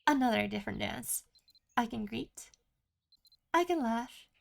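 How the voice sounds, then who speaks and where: A woman's voice: on the high side, lively intonation, unhurried, creaky. A woman streaming a game, chatting casually with her chat and listing what she can do. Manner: chatty, reads chat aloud, lists options. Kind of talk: casual chat while gaming.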